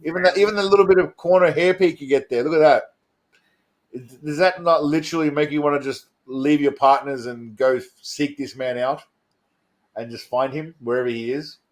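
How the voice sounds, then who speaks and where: Man, slightly high voice, crude, mocking, stream host, laughs often. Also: fairly even intonation, brisk. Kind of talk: casual comedic live-stream chat.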